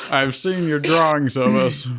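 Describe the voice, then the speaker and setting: A man's voice: a little high, heavy background noise. A man reading in a comedic live reading, hesitant and drawn out. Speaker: cast member of a live reading show.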